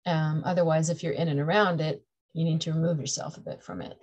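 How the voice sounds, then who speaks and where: A woman's voice: low-pitched, steady tone, fast talker, a little mellow, breathy edge, lo-fi sound. Chatty woman giving a tarot reading. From Canada. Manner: chatty, laughs often, playful asides. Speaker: tarot reader. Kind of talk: casual tarot reading to camera.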